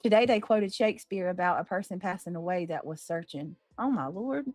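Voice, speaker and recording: A woman's voice: lowish voice, fairly quick, a little mellow, no echo, faint music behind. A woman joining a livestream chat as a guest, talking casually and reacting with muttered exclamations.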